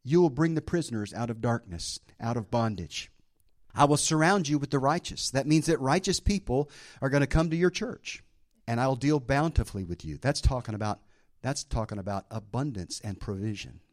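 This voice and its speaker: A man's voice: medium pitch, expressive, moderate pace. A man preaching a sermon as pastor to a church congregation, emphatic, dropping in amens and calls of praise.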